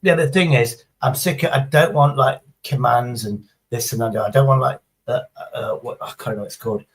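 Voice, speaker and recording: A man's voice: mid-range voice, brisk, rough recording. A middle-aged man, chatting casually on a livestream in a rambling, sweary, sarcastic way. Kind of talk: casual chat.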